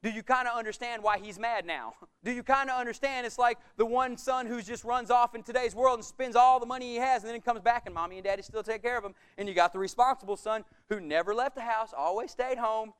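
A middle-aged pastor preaches with a very high, smooth, clear voice. He acts out the quoted voices and moves between loud, pressing lines and hushed ones. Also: quick pace. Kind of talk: sermon.

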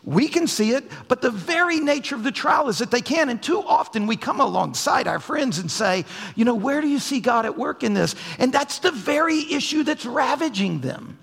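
A male pastor preaching a sermon, dropping to soft low asides and then rising to raised, emphatic lines. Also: expressive, normal speed, creaky, few pauses, breathy edge. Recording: long hall reverb.

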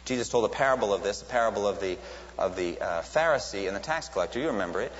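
A man's voice: lowish voice, animated, fast talker. A man preaching a sermon in an earnest teaching tone, lifting his voice sharply when he quotes a cry. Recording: lo-fi recording with long hall reverb and faint hiss.

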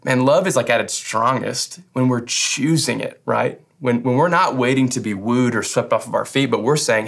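A young man preaches a sermon in a relaxed, conversational way. He jokes with the listeners and restarts his phrases often. His voice sits at an ordinary middle pitch. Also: moderate pace, vocal fry, hardly any pauses. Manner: casual, joking, hesitant restarts. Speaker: pastor.

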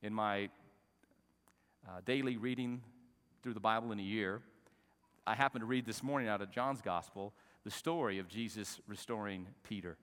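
With a lowish voice, moderate pace and long pauses, a man leads a sermon as pastor, going from soft chat-like talk to raised, shouted passages and prompting the congregation to say phrases back. A long reverb tail follows his words.

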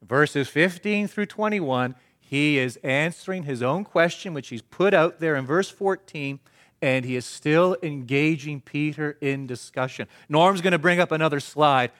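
A man preaching a sermon, asking the congregation questions and answering them himself, swinging from emphatic to hushed. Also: on the high side, measured pace.

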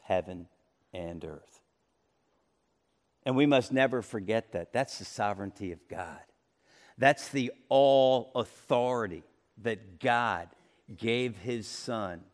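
A man's voice: mid-range voice, a bit bright. A man preaching a sermon, teaching with emphasis and repeating key phrases. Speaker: pastor. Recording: reverberant hall.

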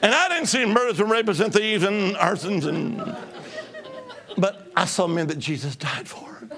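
Male evangelist from Alabama, bright high voice, exuberant shouting testimony sermon. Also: animated, normal speed, crowd noise. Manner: shouting, exuberant, bursts of tongues.

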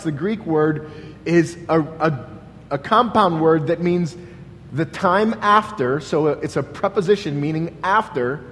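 A pastor preaching a sermon in an earnest, questioning way, often restarting with "like". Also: male voice, fairly high pitch, long reverb tail, a little hiss or hum.

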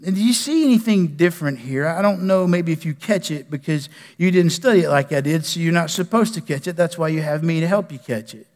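High-voiced pastor preaching in a hall. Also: male voice, fairly quick, hardly any pauses. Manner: animated, preaching with loud bursts and quiet drops. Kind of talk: sermon. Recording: long reverb of a large hall.

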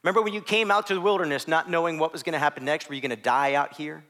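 Preacher man doing God: deep, soft, intimate, very quiet. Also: fairly even intonation, racing. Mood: tender, hushed. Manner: low, hushed and intimate. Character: God speaking gently and personally to a man.

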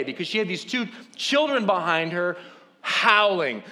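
Animated man telling a sermon story. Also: high-pitched, moderate pace. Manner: animated, self-deprecating, acts out quotes.

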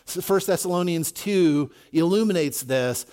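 A pastor with a slightly high, darkish, expressive voice delivers a casual sermon at a measured pace. He talks to his congregation conversationally, frequently saying "you know," repeating himself, and restarting sentences.

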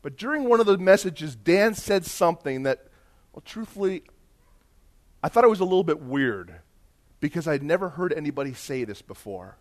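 Animated man preaching a sermon. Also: fairly high pitch, normal speed. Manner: storytelling, rising to loud emphatic bursts. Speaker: pastor.

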